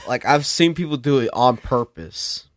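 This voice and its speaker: A man's voice: mid-range voice, expressive, moderate pace, dry recording. A young man from South Carolina with a Southern accent, chatting as a guest on a podcast in a playful, joking manner. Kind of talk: casual chat.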